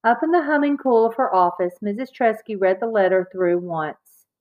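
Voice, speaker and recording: A woman narrating a children's chapter book aloud in a clear, expressive read-aloud manner. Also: mid-range voice, moderate pace. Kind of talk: children's audiobook reading. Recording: slightly dull, lo-fi recording.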